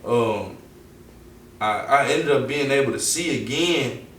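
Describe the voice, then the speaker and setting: A young man with a Southern US accent, telling a story casually as an interview guest, animated and full of slang, acting out the quotes. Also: medium pitch, slow, recorded from a distance. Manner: animated, acts out quotes, heavy slang and profanity. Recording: roomy echo, off-mic, faint background noise.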